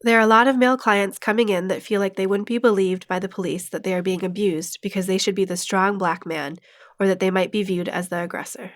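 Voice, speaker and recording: A woman's voice: medium pitch, fairly even intonation, brisk. A woman who works in social services, speaking firmly and matter-of-factly in an interview. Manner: firm, matter-of-fact. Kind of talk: recorded interview clip.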